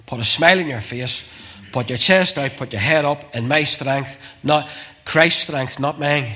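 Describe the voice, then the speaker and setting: A man preaching a sermon with passion, repeating phrases and swinging from urgent calls to hushed, near-whispered lines. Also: medium pitch, measured pace.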